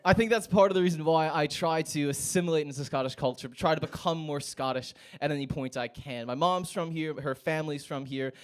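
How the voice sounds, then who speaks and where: A man's voice: a little high, a little fast, hardly any pauses, smooth. A young American man performing a stand-up set in a comedy club, with a wry, self-mocking delivery.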